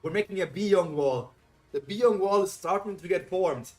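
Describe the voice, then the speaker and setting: A man's voice: high voice, moderate pace, faint music behind. A man chatting playfully with his viewers while reacting live to a webtoon on stream. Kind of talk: casual live reaction commentary.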